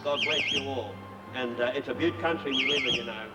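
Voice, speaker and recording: A man's voice: mid-range voice, brisk, far from the mic, heavy background noise, lightly acted. A man playing a boorish, crude middle-aged Australian politician with a broad Australian accent, rambling and laughing at his own jokes in a comic monologue.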